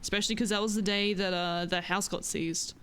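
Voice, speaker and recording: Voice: medium pitch, fairly even intonation, a little fast, fairly bright tone, a little hiss or hum. A streamer chatting in character during a roleplay, laid-back, swearing freely and laughing often. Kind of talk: casual in-character roleplay chat.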